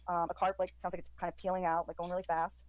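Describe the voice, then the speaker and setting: A woman's voice: fairly low pitch, little pitch movement, very fast, no room sound, rough recording. A woman on a live stream describing sounds she hears in a recording, hesitant and full of ums. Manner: hesitant, many ums, quoting overheard lines. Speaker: commentator describing audio.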